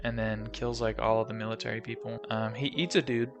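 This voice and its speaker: A man's voice: lowish voice, steady tone, fairly quick, over music. A young man casually recapping a movie, rambling and joking with lots of fillers.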